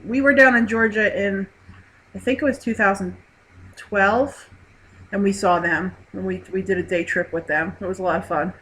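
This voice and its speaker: A woman's voice: medium pitch, steady tone, normal speed, fairly bright tone, a little hiss or hum, low-quality recording. A woman hosting a live online hangout, chatting casually, reading viewer messages aloud and laughing often. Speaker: host. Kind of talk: casual live stream chat.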